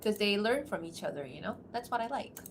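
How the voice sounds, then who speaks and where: A woman streamer from outside America talks casually to her viewers in a mid-range voice. She moves through quick asides and laughs often. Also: mid-range voice, expressive, background noise. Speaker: streamer and voice actor. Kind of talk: casual livestream chat.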